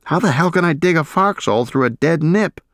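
A man acts out a panicked young soldier in an audiobook war story, his voice jumping well above the narrator's low tone as he yells in desperation. The cry sounds strained and choked, recorded dry and close with no room around it. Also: expressive, fairly quick, dry recording. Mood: desperate. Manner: yelling, choking and protesting.

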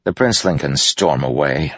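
A man's voice: very deep voice, lively intonation, moderate pace, a bit bright, slightly rough, dry recording, heavily acted. A man voicing a blunt, guarded young soldier who talks tersely and matter-of-factly. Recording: dry, dull lo-fi sound.

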